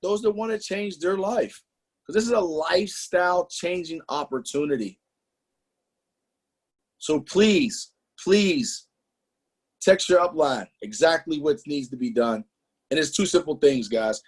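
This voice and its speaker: A man leading a motivational sales training, emphatic and animated, throwing out rhetorical questions and slang. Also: a little high, breathy edge. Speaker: business trainer presenting to a team.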